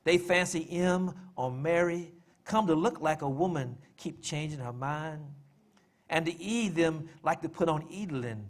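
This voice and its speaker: A man's voice: on the high side, lightly acted. A man reciting a poem in the voice of an illiterate, weary Civil War widow, in plain-spoken folk dialect. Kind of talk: poetry reading.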